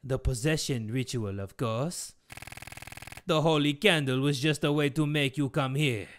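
A man voicing a scheming old father and cult villain, gloating slowly in a strange put-on accent. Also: fairly high pitch, lively intonation, sharp tone, slight background noise.

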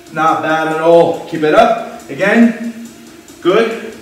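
A man's voice: a little high, drawn-out words, faint music behind. A man leading a home workout as a fitness instructor, cheering people on and counting reps, out of breath. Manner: energetic, encouraging, counts reps aloud. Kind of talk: live workout coaching. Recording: very echoey room, mic at a distance.

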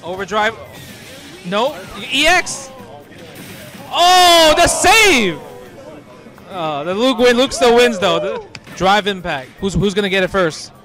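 A man commentating players in excited casual talk, full of slangy hype reactions and sudden shouts. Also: high voice, takes it slowly, long pauses, some chatter behind. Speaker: host commentating pro players.

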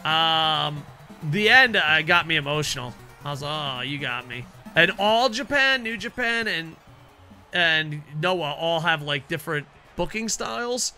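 Male streamer, high and very bright voice, excitable casual chatter with light music behind. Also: measured pace. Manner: excitable, reacts loudly, swears casually. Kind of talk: casual chat over gameplay.

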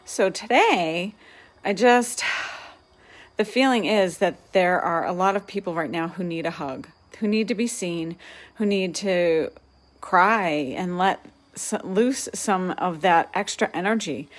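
A woman hosting a casual live-streamed spiritual session, speaking gently and soothingly and laughing often. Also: on the low side, unhurried. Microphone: webcam or phone for a live stream.

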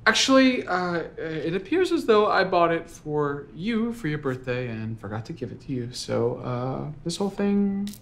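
A deadpan clueless boyfriend. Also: male voice, on the high side, normal speed, creaky, hardly any pauses. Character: clueless self-absorbed young boyfriend. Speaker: boyfriend in a comedy sketch. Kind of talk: scripted comedy sketch acting.

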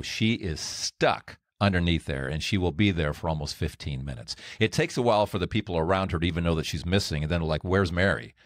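A middle-aged man hosting a podcast, retelling a story in an animated way and jumping his voice up when he acts out quoted lines. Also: sits low, no room sound, studio quality. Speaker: podcast host. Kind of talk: storytelling monologue.

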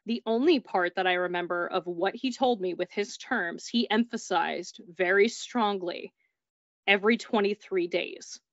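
A woman's voice: lowish voice, moderate pace, few pauses, no echo. A woman telling of paranormal experiences in a chatty, casual way, full of "like" and acted-out dialogue. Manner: chatty, peppered with "like", acts out dialogue. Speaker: guest recounting paranormal experiences. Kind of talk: casual storytelling. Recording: dull, dry recording.

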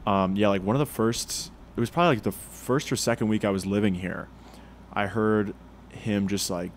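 A man's voice: fairly low pitch, moderate pace, slight background noise. A young man co-hosting a podcast from his apartment, in a laid-back chat full of swearing and filler words. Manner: laid-back, swears a lot, says dude and like. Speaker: podcast co-host. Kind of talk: casual chat. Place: apartment room.

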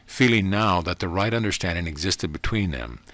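A man reading a spiritual book aloud in a measured, even narration. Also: low-pitched, dry recording. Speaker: audiobook reader. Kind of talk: scripted narration.

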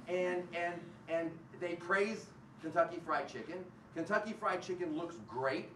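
A man's voice: fairly high pitch, moderate pace, hardly any pauses, recorded from a distance, a little hiss or hum. Sarcastic male lecturer in an echoey hall. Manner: animated, sarcastic, acts out quoted voices. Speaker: university lecturer. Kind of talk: public lecture. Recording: roomy hall picked up from afar.

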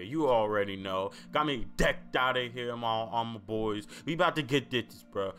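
A young man doing a profane, excitable let's-play commentary, yelping and repeating himself when things go wrong. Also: mid-range voice, moderate pace, few pauses. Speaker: gaming YouTuber. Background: background music.

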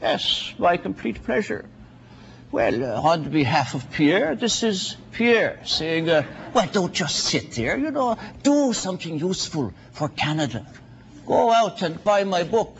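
A man doing a comedy impression of a vain former prime minister who interviews himself, smug and halting with many uhs. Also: high-pitched, big pitch swings, vocal fry, muffled recording, slight background noise, heavily acted.

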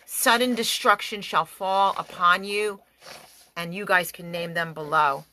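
A woman's voice: on the low side, measured pace, bright, forceful tone. A woman leading a fiery, commanding prayer and reading scripture with emphatic, declaiming delivery, speaking from a parked car. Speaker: activist prayer leader.

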